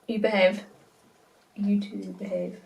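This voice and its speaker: A woman's voice: medium pitch, little pitch movement, slow, creaky, darkish tone, poor audio. A woman vlogger chatting through a makeup tutorial, chatty and self-mocking, often dropping to a whisper. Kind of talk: casual makeup tutorial chat.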